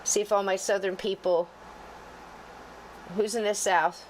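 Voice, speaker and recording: A woman's voice: mid-range voice, fairly even intonation, moderate pace, long pauses, low-quality recording. A chatty woman hosting a casual livestream, joking with her chat and greeting viewers by name. She mutters to herself while she fights with her computer. Faint noise sits underneath her voice. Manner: chatty, talks to herself while fumbling with tech; folksy and jokey, greets viewers warmly by name. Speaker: podcast co-host.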